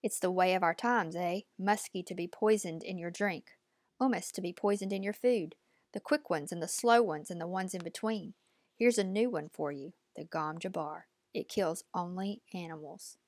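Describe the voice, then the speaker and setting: A woman's voice: lowish voice, moderate pace, darkish tone, no room sound, close to an everyday voice. A woman voicing a stern, commanding old woman who gives clipped, imperious orders, in a dry, close recording.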